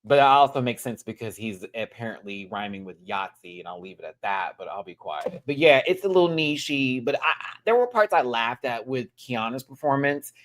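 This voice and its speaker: A reviewer in a casual live review, talking animatedly with sassy asides and sudden high-pitched exclamations. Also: big pitch swings, normal speed, few pauses. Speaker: show reviewer.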